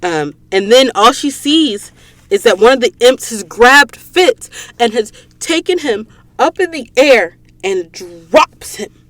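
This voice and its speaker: A woman hosts a casual book recap podcast, recorded on a studio mic in a recording booth. Her voice is on the high side, a bit bright, animated and slow. She retells the story with emotion and drama, speaking straight to her listeners.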